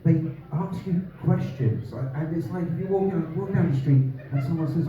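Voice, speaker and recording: A man's voice: a little high, lively intonation, brisk. A rambling English man doing stand-up, swearing freely and laughing through his own stories. He sounds far from the microphone, with a thin, phone-like quality and heavy echo from the room. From England. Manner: rambling, profane, self-interrupting with frequent laughs. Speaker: stand-up comedian. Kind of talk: stand-up comedy set. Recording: distant phone-like recording in a very echoey room.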